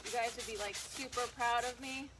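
A woman's voice: fairly high pitch, fairly even intonation, a little fast. Young woman, casual livestream host, chatty and talking straight to viewers, outdoors with heavy sanding noise. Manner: chatty, talks to viewers and reads their comments. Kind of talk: casual live chat while working. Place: outdoors on grass. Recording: loud sanding noise in background.

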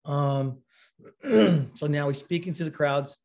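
A man giving a sermon, telling a personal story in a conversational way, often clearing his throat. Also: on the high side, takes it slowly, a little mellow, slight background noise. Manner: conversational storytelling, acts out quoted voices; frequent throat clearing and fillers. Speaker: preacher.

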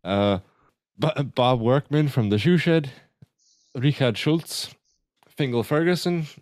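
A man's voice: mid-range voice, slow pace, darkish tone, no room sound, studio quality. A man hosting a podcast in casual chat, laid-back and laughing easily. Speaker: podcast host.

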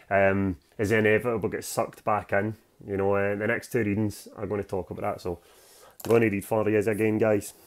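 A young Scottish man, the author, reading from his novel in a gritty, plain-spoken way full of slang. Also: fairly low pitch.

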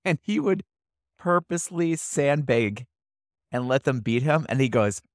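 A man's voice: medium pitch, unhurried, no echo, clean studio sound. A young man co-hosting a podcast, telling stories in a casual chat and laughing as he talks. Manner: animated storyteller, laughs while talking. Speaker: podcast co-host.

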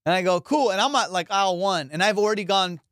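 Man, high voice, dry close mic, casual podcast chat, profane, storytelling. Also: steady tone, fast talker, fairly bright tone, dry recording. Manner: profane, storytelling, laughs often. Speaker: podcast host.

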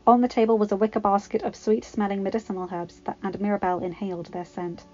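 Woman narrator, mid-pitched, steady storybook reading, slightly dull lo-fi sound. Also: fast talker. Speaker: fanfiction reader.

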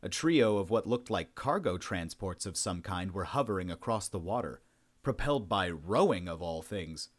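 Low-voiced man narrating a sci-fi story. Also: lively intonation, normal speed.

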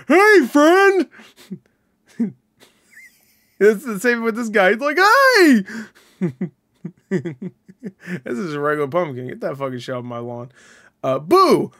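A man talks through a reaction video in loose, unscripted commentary. His voice sits a bit high, and he rambles from thought to thought, restarting sentences and filling pauses. He gets excitable, laughing and swearing freely. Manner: thinks aloud with many fillers and restarts.

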